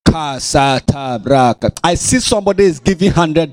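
A man's voice: a little high, moderate pace, hardly any pauses, a crowd in the background, background noise. A man with a Ghanaian accent preaching a sermon as pastor in a church, scolding and teasing his congregation. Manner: animated, scolding, playful.

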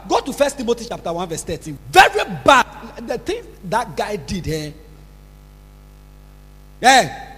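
A man preaching a sermon, scolding and repeating himself, breaking into shouts, recorded in a large church hall. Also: high-pitched, big pitch swings, measured pace, pauses often, breathy edge. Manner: scolding, repetitive, bursts into shouts. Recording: reverberant hall with faint music.

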